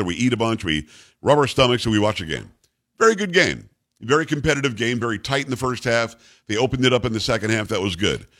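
A man's voice: medium pitch, fairly bright tone. A middle-aged man hosting a talk show, delivering a blunt, emphatic, repetitive opinion monologue. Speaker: radio talk show host. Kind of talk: opinionated monologue on sports news.

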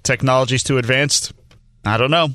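A man's voice: mid-range voice, normal speed, pushed and bright, dry recording. A man chiming in on a radio show with dry, wisecracking remarks. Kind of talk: casual studio banter.

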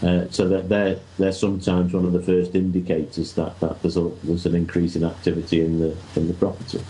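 A man with a very deep, dark voice answers as a talk show guest. He speaks in a flat, even tone, halting and repeating words as he goes. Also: rough recording. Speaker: guest, spirit rescuer.

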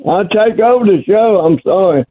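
Brief: rowdy caller, whooping and hollering, high voice over a tinny phone line. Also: male voice, expressive, normal speed, no room sound. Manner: loud, boisterous, whooping and hollering. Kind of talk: rowdy trash talk on a call-in radio show.

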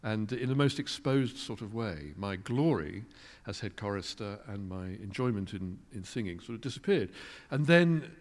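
With a voice on the low side, a male guest musician tells stories expressively at a moderate pace, barely pausing. His reflective interview manner is dry, well-spoken and self-deprecating, and the audio rings with the long echo of a big hall.

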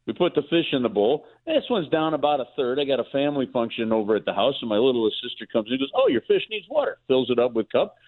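A man's voice: medium pitch, fast, few pauses. A man, a guest sports broadcaster, chatting casually on the radio by phone and telling a rambling story with lots of restarts. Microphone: phone call. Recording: tinny phone line.

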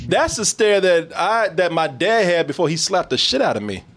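Animated high-voiced man laughing through chat. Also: moderate pace. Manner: animated, laughs often, swears freely. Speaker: podcast host. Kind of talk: casual reaction chat.

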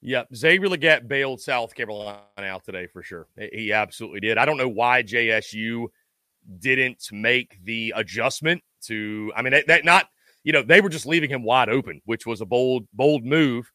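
Man, call-in show host, blunt and sarcastic, bright edgy voice. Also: medium pitch, moderate pace, no room sound, clean studio sound. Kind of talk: casual sports call-in talk.

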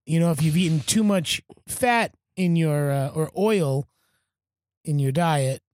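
Jokey male podcast co-host, higher voice, dry close mic. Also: unhurried, a little mellow, dry recording. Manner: jokey, rambling, laughs easily. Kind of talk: casual chat.

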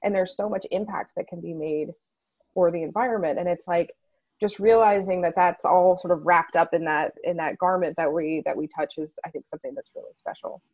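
A woman guest in a casual interview, talking in a lively way with many fillers. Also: fairly low pitch, a little fast, dry recording.

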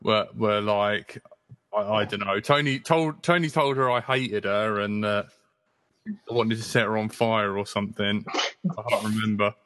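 A man's voice: on the low side, a little slow, fairly bright tone, no echo. A man co-hosting a casual chat among friends over a remote call, rambling and self-mocking with frequent laughs. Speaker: podcast co-host and streamer.

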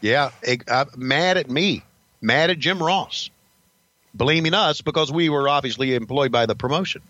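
A man's voice: mid-range voice, moderate pace, sharp tone, highs cut off. An older man, a podcast host, telling stories about his career in a blunt, profane, rambling casual way. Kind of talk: casual storytelling.

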